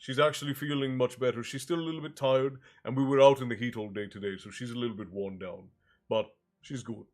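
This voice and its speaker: A man's voice: mid-range voice, fairly even intonation, fairly quick. A congested man hosting a livestream story hour, chatting loosely with viewers by name and stopping mid-phrase before he reads from a fantasy novel. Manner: rambling and self-interrupting, greets viewers by name. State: congested, low on breath. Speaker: stream host and storyteller. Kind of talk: casual chat with a live chat, then reading a fantasy novel aloud. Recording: soft music underneath.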